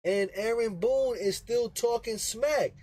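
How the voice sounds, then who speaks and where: Man, high voice, slow unhurried delivery, casual baseball chat, keeps asking "right?". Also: a little mellow, low-quality recording. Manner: rambling, explains with frequent "right?" tag questions; repeats himself for emphasis. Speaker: baseball podcast host. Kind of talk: casual sports talk.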